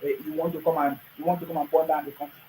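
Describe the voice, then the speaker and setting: A man's voice: on the high side, flat delivery, rapid-fire, warm tone, slight background noise, poor audio. A man with a Nigerian accent giving a combative political monologue, addressing critics directly and repeating phrases for emphasis. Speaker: political commentator. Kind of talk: monologue to camera.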